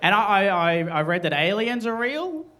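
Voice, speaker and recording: Young Aussie stand-up, high and animated, rambling self-deprecating delivery, live room. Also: male voice, moderate pace, heavy background noise. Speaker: stand-up comedian. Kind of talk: stand-up comedy set. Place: comedy venue with a live audience. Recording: live show, audience laughter behind.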